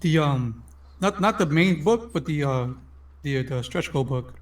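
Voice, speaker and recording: A man's voice: fairly high pitch, animated, a little slow. A man who is a comic artist guest on a casual stream, easygoing and offhand.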